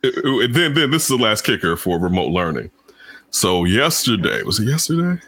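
A man who is a parent, telling stories in casual chat, acting out quotes in high voices and laughing often. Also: sing-song, normal speed, fairly bright tone, breathy edge.

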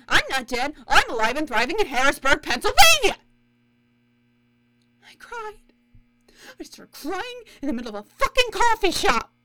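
A heartbroken young mother pours out a bitter, swearing voicemail, as a woman acts her out. Her voice sits very high and bright, leaping all over as she presses her questions. It is a scripted audio drama scene. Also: heavily acted, low-quality recording. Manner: bitter, swearing, raw and pleading. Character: heartbroken woman confronting a lost first love.

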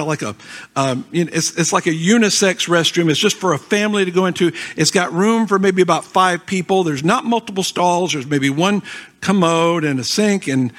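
High-voiced middle-aged man preaching. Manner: self-deprecating, animated anecdote telling. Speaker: guest pastor. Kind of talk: humorous storytelling sermon.

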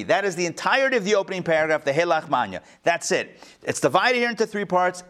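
Speaking quickly in a high-pitched voice, a man leads an interactive class discussion of a text as an online audience follows. He's animated and joking, peppering the group with questions and asking them for their own.

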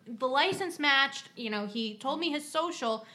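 A young woman trades a work story in casual podcast chat, animated and wry, with the odd swear. Her voice is high and bright, and it rises and falls a great deal. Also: measured pace. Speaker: podcast co-host, bank teller.

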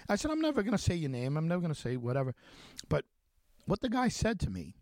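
A radio host telling a story in a monologue, speaking animatedly with many restarts and acting out the quoted conversations. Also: male voice, a little high, wildly swooping pitch, fast, darkish tone, dry recording. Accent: Long Island.

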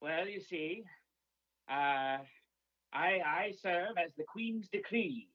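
A man playing a pompous, befuddled royal herald calling into a comedy show, speaking in a halting, over-formal way with a put-on British-sounding accent. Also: high-pitched, animated, dull audio, heavily acted. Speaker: caller. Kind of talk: improvised comedy call-in.

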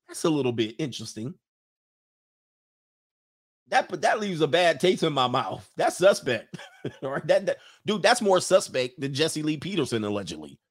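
A man's voice: a little high, very animated, normal speed, pauses often. A man hosting a livestream, giving blunt, slang-heavy opinions on viewer comments and laughing between his points.

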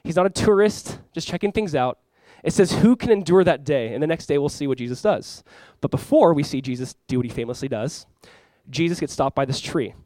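A male pastor with a fairly high voice delivers a lively sermon. He reads scripture with mounting emphasis, then slips into casual, joking asides. The sound is dry and close, with little room echo. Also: a little fast. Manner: conversational asides and jokes.

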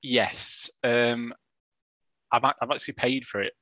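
A man's voice: mid-range voice, fairly even intonation, measured pace, pushed and bright, no room sound, rough recording. Wry, rambling podcast man. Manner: rambling, wry, self-mocking. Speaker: podcast co-host. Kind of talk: casual chat.

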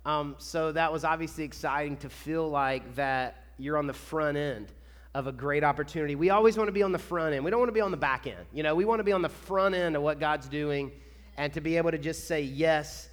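A man from Kentucky, a pastor chatting excitedly with his church before the sermon. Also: a little high, fairly quick. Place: church sanctuary. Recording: echoey church hall.

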